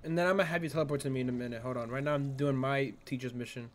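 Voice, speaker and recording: A man's voice: mid-range voice, fairly even intonation, very fast. A young man streaming a game, chatting casually and teasing his friend in slang. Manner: slangy, teasing, laughs often. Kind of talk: casual gaming chat with a friend.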